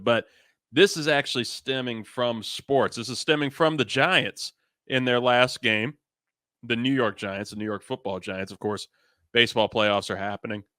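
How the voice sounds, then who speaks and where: A man's voice: mid-range voice, sharp tone, no echo, studio quality. A young man hosting a sports variety show, chatting casually in a rambling, self-amused way. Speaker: host.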